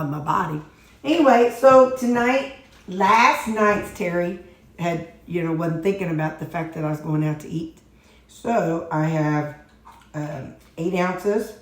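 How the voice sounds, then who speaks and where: A woman vlogging at home in a rambling, chatty, self-deprecating way, talking casually to her camera. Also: fairly low pitch. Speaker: weight-loss vlogger.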